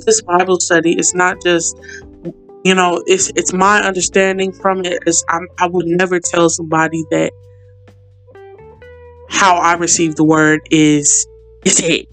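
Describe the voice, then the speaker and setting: A woman hosting a podcast Bible study, talking casually and earnestly to her listeners and leading them in fervent prayer. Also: fairly low pitch.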